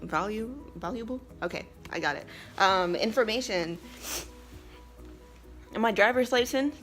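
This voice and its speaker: A woman's voice: medium pitch, animated, unhurried, soft background music. A young American woman telling a story in a casual vlog, chatty and emphatic, laughing often. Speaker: vlogger and English teacher abroad.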